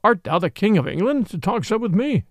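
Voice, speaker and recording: A man's voice: sits high, big pitch swings, brisk, dry recording, clean studio sound, pitched above the performer's own voice. A man voicing a bold, merry outlaw leader who talks in a jaunty, teasing way with old-fashioned speech.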